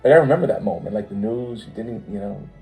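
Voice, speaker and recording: A man's voice: fairly low pitch, animated, quick pace, darkish tone, faint music behind, poor audio. A man in a heartfelt conversation with his wife, reflective and searching for words. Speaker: co-host, her husband.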